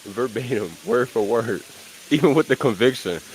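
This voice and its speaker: A man's voice: mid-range voice, animated, moderate pace, slight background noise, low-quality recording. A young man streaming casual reaction commentary, rambling in slang, repeating "you know what I'm saying" and laughing at asides.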